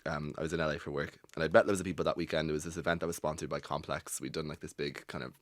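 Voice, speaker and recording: A man's voice: extremely low pitch, very fast, no echo. An Irish man, a comedian guest, telling an anecdote in a podcast studio and acting out what people said. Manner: animated storyteller, acts out quotes. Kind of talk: anecdote in casual chat.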